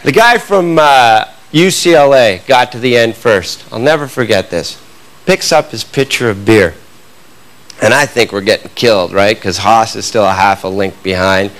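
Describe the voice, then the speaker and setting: A Canadian man doing stand-up comedy, telling a long animated story to a club audience. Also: lowish voice, moderate pace. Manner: animated, building to excited outbursts with audience laughter. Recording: noisy live club recording.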